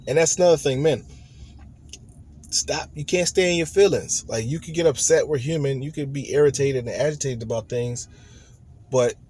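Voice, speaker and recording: Man, earnest, rambling relationship vlog, middle pitch, faint car noise. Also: a little mellow. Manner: earnest, conversational, rambling with restarts. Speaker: vlogger giving relationship advice. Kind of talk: casual direct-to-camera talk.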